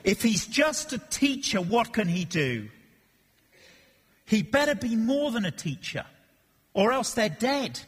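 Male preacher, lively and playful, husky tone, high voice, long hall echo. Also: takes it slowly, long pauses. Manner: animated, acts out Bible voices and jokes. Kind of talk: expository sermon. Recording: long reverb of a church hall.

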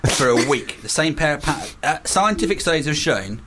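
A man's voice: on the high side, big pitch swings, moderate pace, background noise. A man co-hosting a radio show, spinning rambling, absurd jokes. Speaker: radio co-host. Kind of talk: comic radio banter.

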